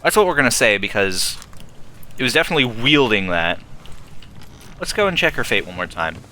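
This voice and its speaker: A man with a mid-range, sing-song voice talks fairly quickly, his tone bright and forceful. Acting as a let's play host, he thinks aloud in casual commentary while playing a game, working through clues step by step, recorded on a filtered desktop streaming mic.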